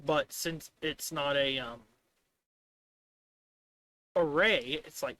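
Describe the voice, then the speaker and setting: A man streaming live while coding, rambling in exasperation and mocking the software by voicing what it says back to him. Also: medium pitch, expressive, takes it slowly, pauses often. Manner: exasperated, rambling, mocks the software in quoted voices.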